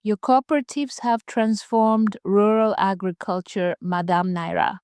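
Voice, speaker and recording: A woman plays a courteous old chief in a narrated folktale, formal and respectful as he makes an offer. Her voice is smooth and resonant, recorded close and dry. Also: medium pitch, fairly even intonation, a little slow, darkish tone, no room sound, natural voice.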